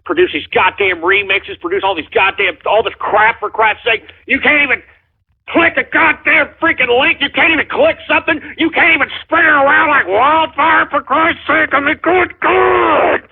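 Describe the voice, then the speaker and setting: A man's voice: very high voice, fairly even intonation, moderate pace, vocal fry. A man hosting a call-in radio show, ranting angrily and swearing at his listeners. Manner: angry, profane, shouting insults at trolls. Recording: tinny phone-like sound.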